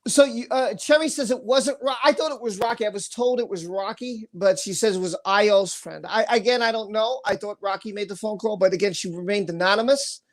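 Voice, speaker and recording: A woman's voice: mid-range voice, brisk, hardly any pauses. A woman hosting a casual livestream chat, talking in loose, rambling run-on sentences. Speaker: livestream host.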